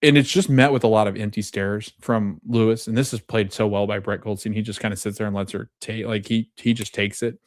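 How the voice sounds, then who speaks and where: A man's voice: fairly low pitch, fairly even intonation, fairly quick, hardly any pauses, dry recording. Man recapping a TV episode in a dry recording. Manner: retells scenes with quoted dialogue, loose fillers. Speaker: podcast host.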